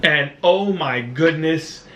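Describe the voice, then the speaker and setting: A man's voice: on the high side, takes it slowly, fairly bright tone, slight background noise. A man from Brooklyn with a New York accent, co-hosting a podcast in casual, self-mocking chat with loose restarts. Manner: chatty, self-mocking, laughs easily, loose rambling restarts. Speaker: podcast co-host. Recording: roomy echo with faint ambience.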